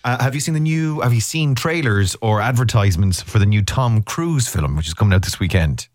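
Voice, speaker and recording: A man's voice: fairly low pitch, lively intonation, fairly quick, darkish tone, no echo, clean studio sound. A man hosting a radio show in casual, teasing banter, laughing easily. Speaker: radio host.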